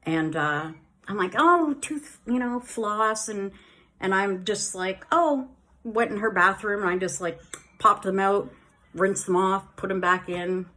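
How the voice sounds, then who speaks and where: A woman's voice: medium pitch, fairly bright tone. A woman vlogging casually about her dental recovery, rambling with many fillers and a slight lisp on her S sounds while wearing new dentures. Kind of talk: casual chat.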